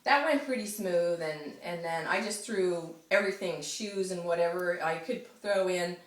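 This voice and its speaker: Woman, lively casual storytelling, acts out voices, roomy sound, distant mic, noisy background. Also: lowish voice, moderate pace. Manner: animated, acts out quoted voices, laughs often.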